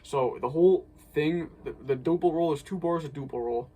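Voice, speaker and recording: Male drum instructor, relaxed teaching delivery, loud noise under the voice. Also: a little high, normal speed. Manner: relaxed, thinks aloud with restarts. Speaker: drumline instructor. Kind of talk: casual instructional breakdown.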